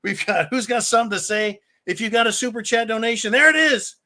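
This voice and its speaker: Man, 50s, from california, livestream host, bright forceful voice, profane, joking. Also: sits high, steady tone, fast talker. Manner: boisterous, profane and joking, reading donations aloud. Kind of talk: casual live-stream chat.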